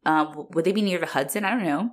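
A woman's voice: low-pitched, fast. A young woman casually recapping a movie on a podcast, swearing freely and laughing often. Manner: profane, animated, laughs often. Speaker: podcast co-host.

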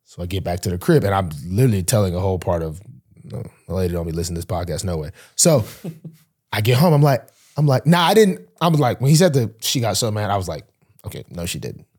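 A young man holds forth in casual podcast chat, his voice slightly husky. He swings his pitch widely, jumping high whenever he mimics someone in the story. The talk is loose and full of restarts. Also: fast talker. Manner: animated, acts out quoted voices with big pitch jumps. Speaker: podcast host, pro football player.

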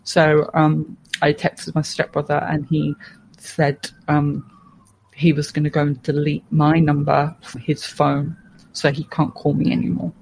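A woman guest on a podcast, telling a hard personal story in a frank, steady way. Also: deep voice, measured pace, vocal fry, a little hiss or hum, low-quality recording. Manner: frank and steady, with plain swearing and restarts.

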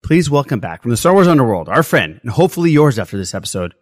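A man's voice: mid-range voice, sing-song, fast talker, no echo. Upbeat podcast host man, dry sound. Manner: upbeat, effusive, joking. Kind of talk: casual podcast chat.

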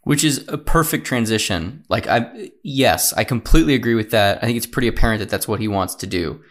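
A man's voice: fairly low pitch, expressive, a little fast. A man co-hosting a podcast, talking in loose casual chat with many fillers. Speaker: podcast co-host.

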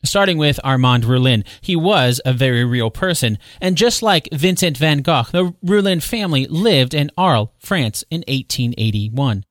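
A man hosting a solo podcast, retelling history in a conversational way with quick asides and self-corrections. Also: medium pitch, lively intonation, no echo, clean studio sound. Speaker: podcast host. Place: home recording space.

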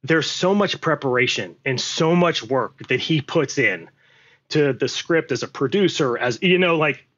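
Animated male actor telling a story. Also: fairly high pitch, measured pace, highs cut off. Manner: animated, acts out quotes, swears freely. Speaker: actor, podcast guest. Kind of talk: storytelling anecdote.

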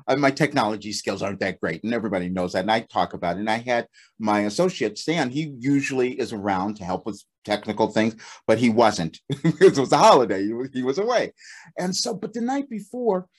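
A man who works as a channeler, telling a story in casual conversation with frequent laughter. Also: medium pitch. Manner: animated storytelling, laughs often. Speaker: channeler and guest.

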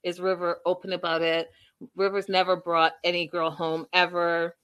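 A woman's voice: lowish voice, flat delivery, normal speed, fairly bright tone, clear, resonant tone. A woman hosting a live recap chat who talks casually and addresses her viewers directly. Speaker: host.

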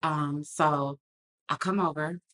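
Low-pitched woman, podcast guest, telling a painful family story, earnest and thoughtful. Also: fairly even intonation, slow pace, fairly bright tone. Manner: earnest, reflective, acts out quoted lines. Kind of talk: candid personal storytelling.

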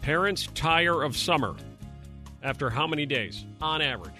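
Male morning radio host, bright animated voice, playful, quick with jokes. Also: fairly high pitch, faint music behind. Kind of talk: energetic radio banter.

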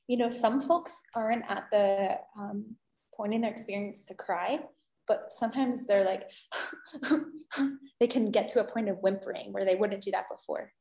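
A woman who is a holistic healing guest, chatting gently and effusively in a casual interview. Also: mid-range voice, fairly even intonation, moderate pace, vocal fry, roomy sound. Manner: gentle, effusive, many "beautiful"s and "um"s.

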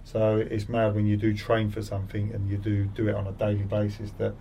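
A man's voice: fairly low pitch, monotone, fairly quick, gravelly, warm tone, recorded from a distance, slight background noise. A middle-aged man, a former footballer, telling stories in a casual interview and acting out crowd taunts with a rising voice. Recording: voice set back from the mic.

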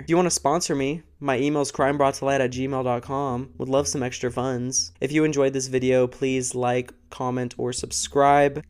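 A man's voice: medium pitch, a little mellow. A young man hosting a true crime podcast, talking casually and earnestly to camera, emotional and a bit sick, laughing between thoughts, close to the microphone. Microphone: close studio microphone.

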